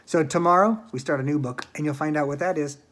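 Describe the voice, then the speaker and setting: A man reading a children's book aloud at home, in a plain, unhurried way with small slips. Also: a little high, a bit bright. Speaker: storyteller.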